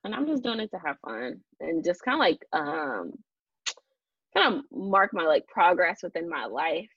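A young woman hosts a casual podcast chat, rambling with many fillers and restarts and laughing often. Her husky voice sits fairly low, with big pitch swings at a moderate pace. The sound is dull and lo-fi, with no echo.

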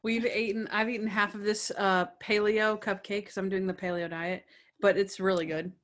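A woman's voice: mid-range voice, flat delivery, moderate pace, fairly bright tone. A woman hosting a podcast, friendly and chatty, teasing her guests. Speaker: podcast host. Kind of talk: casual podcast chat.

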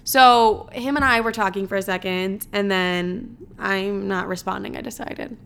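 Young woman podcast host, smooth clear voice, rambly and dramatic, swears a lot. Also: mid-range voice, a little slow, fairly bright tone. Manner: chatty, dramatic, swears freely, many fillers. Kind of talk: casual solo chat.

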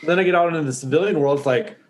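A man hosting a casual conversation, agreeable and quick to chime in. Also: fairly high pitch. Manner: agreeable, lots of backchannel.

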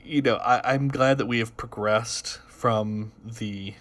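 A man's voice: mid-range voice, steady tone, slow, a bit bright. A man co-hosting a film podcast, chatting casually and hedging with fillers. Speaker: podcast co-host.

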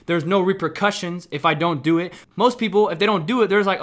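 Bright-voiced emphatic young man podcaster. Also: high voice, quick pace, hardly any pauses. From Kansas City, Missouri. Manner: emphatic and repetitive, with frequent "right?". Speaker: podcast host. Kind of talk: motivational solo podcast.

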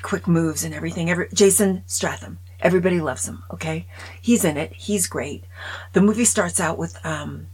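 A woman's voice: fairly low pitch, breathy edge, rough recording. A woman chatting casually in her own video movie review, opinionated and dropping often into whispers.

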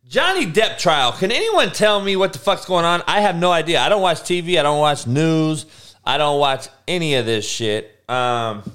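A man's voice: fairly high pitch, fairly bright tone, smooth. A young man hosting a livestream, ranting loosely in slangy, profane casual talk and answering viewers. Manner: loose slangy rants with swearing and laughs. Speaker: livestream host.

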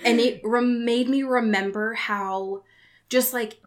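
A woman's voice: a little high, fairly even intonation, slow pace. Woman in casual book chat, chatty, filler-heavy, laughing often. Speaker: book podcast co-host.

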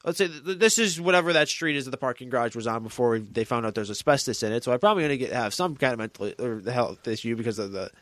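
A man's voice: medium pitch, fast, few pauses, a bit bright, no room sound. A young man hosting a podcast, telling a long rambling story in casual chat with many restarts. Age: young adult. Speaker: podcast host.

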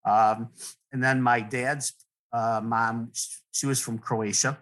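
A middle-aged man, a guest poet, talking in a rambling, earnest way, with many restarts and soft laughs. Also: mid-range voice, steady tone, slow pace, rough recording. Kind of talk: relaxed conversational interview.

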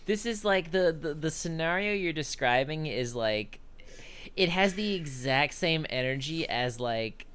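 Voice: mid-range voice, expressive, unhurried, a bit bright, a little hiss or hum. A podcast co-host chatting casually and joking with some fillers. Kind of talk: casual chat.

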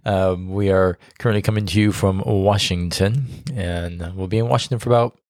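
A man's voice: low voice, steady tone, moderate pace, a little mellow, no room sound, studio quality. A man co-hosting a podcast with his wife, chatting casually and teasing her playfully. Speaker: podcast co-host. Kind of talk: casual banter.

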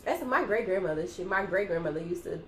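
A young woman co-hosts a casual podcast at a middle pitch, pausing and searching for words. Her voice sits in an echoey room, and steady background noise is clearly heard. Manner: hesitant, thinking aloud with many fillers. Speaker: podcast co-host. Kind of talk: casual chat.

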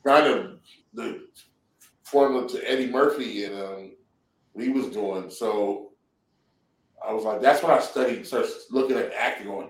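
A man's voice: fairly low pitch, measured pace, pauses often. A middle-aged man from San Diego telling loose, laughing, profanity-laced stories as a guest in a casual interview. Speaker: comedian and actor guest. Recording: roomy sound from a distant mic.

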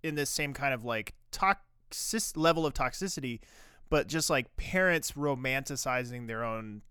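A man co-host in a casual podcast chat with a smooth, resonant voice recorded dry and close. He speaks earnestly, pausing and restarting as he works through his thoughts. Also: mid-range voice, expressive, bright, forceful tone, dry recording. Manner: earnest, hesitant, with many fillers.

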